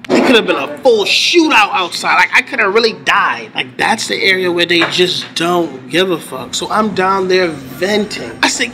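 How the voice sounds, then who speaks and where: High-voiced, animated man telling a story. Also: moderate pace, few pauses, crowd noise. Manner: animated storyteller, acts out quotes, heavy cursing. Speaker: teacher telling his own story. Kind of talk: animated documentary interview. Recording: interview with clear background noise.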